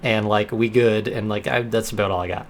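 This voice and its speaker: A young man vlogging casually, telling an anecdote and acting out quoted lines with lively bursts. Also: on the low side, brisk, slight background noise. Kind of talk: casual storytelling vlog.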